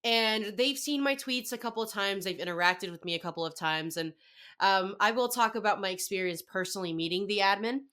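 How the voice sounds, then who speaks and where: A young woman telling a story in a casual podcast chat, excitable and acting out her own reactions. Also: mid-range voice, fairly quick. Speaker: podcast guest.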